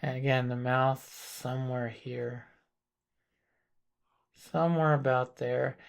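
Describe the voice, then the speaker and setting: Slow, gravelly-voiced man teaching painting. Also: medium pitch. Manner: thinks aloud while working, calm and deliberate. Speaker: painting instructor. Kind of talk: live painting demonstration.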